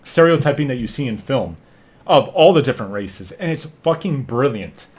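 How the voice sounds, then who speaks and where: A man hosting a podcast in casual chat, animated and profane, often acting out what people say. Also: mid-range voice, normal speed. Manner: animated, profane, acts out quotes. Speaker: podcast host.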